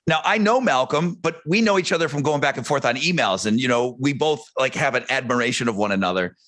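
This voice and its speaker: Lively-voiced man, animated radio host. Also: quick pace. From United States. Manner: storytelling, acts out quotes with big pitch swings. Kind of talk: casual podcast chat.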